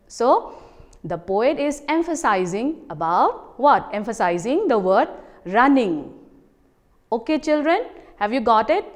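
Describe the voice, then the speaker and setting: Slow, lively Manipuri woman teaching. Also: a little high, long reverb tail. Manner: explains step by step, often pausing to ask "what?" and then answering. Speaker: school teacher. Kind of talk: recorded classroom lesson explaining a poem.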